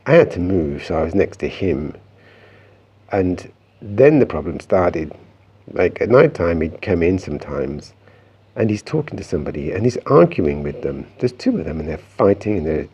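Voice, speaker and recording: Deep husky man telling a story. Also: mellow, dull audio. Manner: meandering, conversational, frequent restarts. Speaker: vlogger. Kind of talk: reflective personal storytelling.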